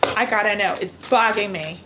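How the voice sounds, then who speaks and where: A woman's voice: medium pitch, moderate pace, heavy background noise. A woman reading tarot cards on a livestream, thinking aloud and repeating her questions to spirit. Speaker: tarot reader. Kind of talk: live-streamed tarot reading.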